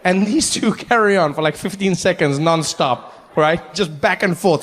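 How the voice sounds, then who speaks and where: A man performing stand-up comedy, telling a story with animated delivery. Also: high-pitched, normal speed, in a large hall. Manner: animated storytelling, jumping into voices.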